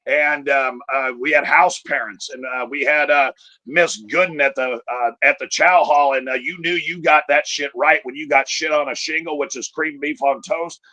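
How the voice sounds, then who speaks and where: A man's voice: fairly high pitch, steady tone, moderate pace, sharp tone, no echo, dull audio. A middle-aged man telling a profane, rambling stand-up story full of fillers. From Chicago area. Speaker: stand-up comedian.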